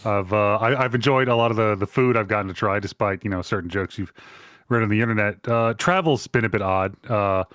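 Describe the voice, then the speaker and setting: A man doing a put-on British accent as a self-mocking American expat, rambling and halting. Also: on the low side, fairly bright tone, no echo, clean studio sound, natural voice. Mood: deadpan rambling. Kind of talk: comedic improvised bit.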